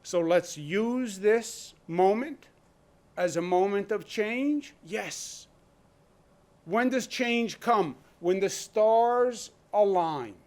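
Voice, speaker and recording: A man's voice: high voice, darkish tone. A man speaking as a state governor in a public briefing, blunt and emphatic, driving his points home with rhetorical questions. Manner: blunt, conversational.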